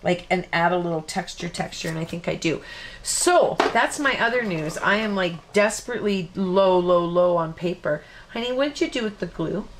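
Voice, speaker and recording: A woman's voice: lowish voice, animated, normal speed, slight background noise. A woman hosting a live card-making tutorial, chatting casually and rambling with easy laughs. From Canada. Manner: rambling, self-interrupting, laughs easily.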